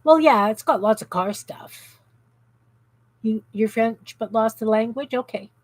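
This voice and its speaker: This is a Canadian craft streamer broadcasting from her home craft room, casually chatting and reading viewer comments aloud as she crafts. Her voice runs on the high side and her delivery is unhurried. The recording quality is low.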